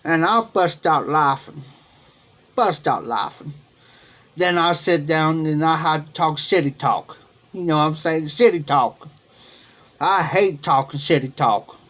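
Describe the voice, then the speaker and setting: A fairly bright, high-leaning voice at a measured pace belongs to a man from Ohio hosting a livestream. He tells rambling folksy stories full of slang and chuckles as he goes, a casual storytelling chat heard through his streaming mic.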